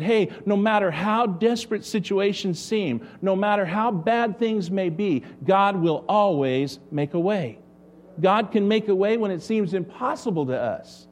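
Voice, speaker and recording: A man's voice: sits high, a little mellow. A man preaching a sermon as pastor, asking the congregation rhetorical questions.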